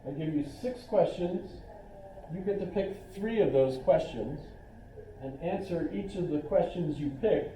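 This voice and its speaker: A man's voice: a little high, mellow, a little hiss or hum. A middle-aged man, a college philosophy instructor, giving a casual classroom lecture, chatty and rambling with joking asides. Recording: roomy classroom from a distance.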